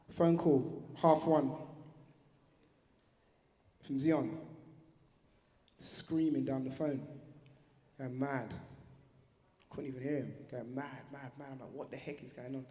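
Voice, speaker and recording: Guy telling stories in a tribute speech, bit high and mellow, big echoey hall. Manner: slangy, storytelling, heartfelt. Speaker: speaker at an awards ceremony. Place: large awards venue hall. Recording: reverberant hall.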